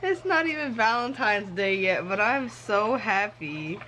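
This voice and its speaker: A woman's voice: mid-range voice, expressive, unhurried, noisy background. A young woman chatting casually to her camera in a car, gushing and emotional. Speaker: book vlogger. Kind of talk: casual vlog chat. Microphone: handheld camera.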